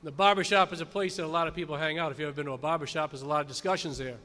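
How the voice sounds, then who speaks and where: A man in his fifties, a high school principal, telling a folksy story in a graduation speech from a podium. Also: fairly even intonation, racing, bright, forceful tone. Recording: long hall reverb at a ceremony.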